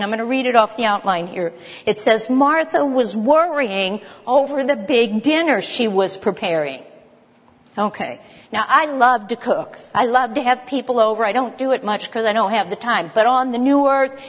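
A woman's voice: a little high, long reverb tail. A woman teaching an informal Bible study in a chatty, conversational way, with joking asides to her group.

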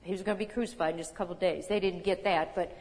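A woman in her sixties teaching a sermon in a conversational, animated way, reading scripture aloud with emphasis. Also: on the low side, racing. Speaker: Bible teacher. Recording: long hall reverb.

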